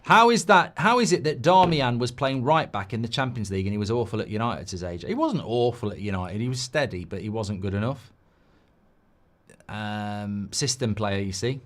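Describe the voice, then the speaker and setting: A man's voice: on the low side, lively intonation, a little fast. A man hosting a live football watchalong, chatting in a rambling way and reading out viewer comments. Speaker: host.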